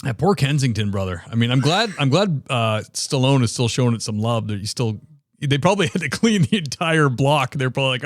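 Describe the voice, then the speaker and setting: A man's voice: mid-range voice, very animated, a little fast, dry recording. Host guy from boston way, chatty, um-heavy, dry close sound. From Boston area. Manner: chatty, enthusiastic, many fillers. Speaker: podcast host. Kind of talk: casual interview chat.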